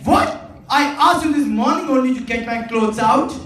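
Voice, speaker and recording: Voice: high voice, moderate pace, crowd noise, natural voice. A performer acting a careless young adult son on stage, with a cocky, flippant way of talking. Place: theatre stage. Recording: echoey hall from far off.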